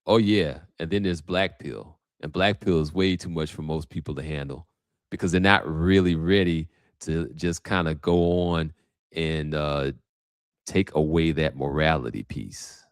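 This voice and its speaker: Deep-voiced man on a livestream. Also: measured pace, smooth, dry recording, clean studio sound. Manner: casual, thinking aloud with many restarts and fillers. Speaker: host. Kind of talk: livestream commentary.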